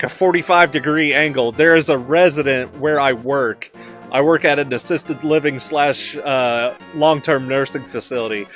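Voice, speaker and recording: Bright, giggly man narrating gameplay. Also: on the high side. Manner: giggly, self-mocking, chatty. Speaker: let's play host. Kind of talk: casual gameplay commentary.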